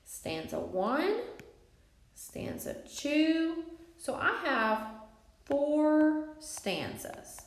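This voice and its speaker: A woman teacher giving a recorded lesson, speaking clearly and putting stress on syllables. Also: sits high, big pitch swings, very slow. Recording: echoey room.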